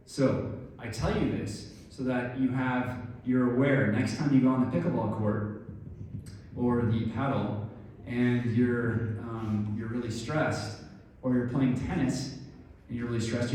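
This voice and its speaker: A man's voice: mid-range voice, dark tone, distant mic. A middle-aged man giving an instructive talk on stress and injury, explaining things and speaking straight to his listeners, recorded in a very echoey room from off-mic. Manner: explanatory, addresses listeners directly. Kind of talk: instructive talk with a guided breathing exercise.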